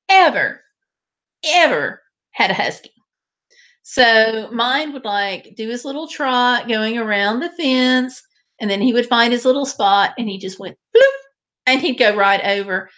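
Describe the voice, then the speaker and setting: A woman's voice: a little high, fairly bright tone. A woman hosting a live stream, chatting casually and directly with her viewers.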